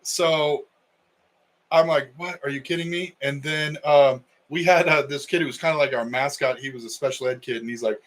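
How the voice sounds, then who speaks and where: A man's voice: mid-range voice, fairly even intonation, moderate pace, fairly bright tone, low-quality recording. A middle-aged man, a wrestling coach co-hosting a podcast, telling a story in casual chat and acting out the quotes.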